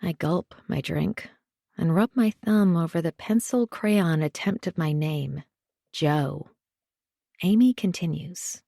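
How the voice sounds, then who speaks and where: A woman narrating a thriller audiobook in the first person, measured and understated. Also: lowish voice, creaky, warm tone, no echo, clean studio sound.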